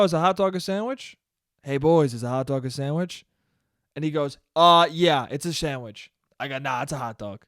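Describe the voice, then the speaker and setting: A young man rants alone into a close, dry mic for his comedy podcast. His voice sits a touch high. He is sarcastic and swears freely, jumping from loud bursts to low, muttered asides. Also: clear, resonant tone, no echo. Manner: sarcastic, swears a lot, swings from yelling to mumbling. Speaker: podcast host. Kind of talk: solo comedic rant.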